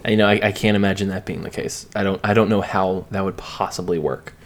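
A man's voice: low-pitched, little pitch movement, fairly quick. A man co-hosting a casual political podcast, answering with dry, mocking quips.

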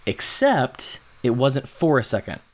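A man co-hosting a podcast, telling a long story in a rambling, animated way and acting out what people said. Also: medium pitch, unhurried. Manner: rambling, animated, acts out quotes. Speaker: podcast co-host. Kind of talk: casual storytelling chat.

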